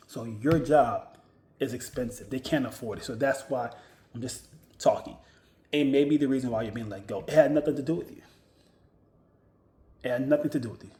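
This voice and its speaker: A man's voice: medium pitch, a little mellow. A man giving casual career advice to his viewers, emphatic, repeating his key points and often restarting his sentences. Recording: roomy echo.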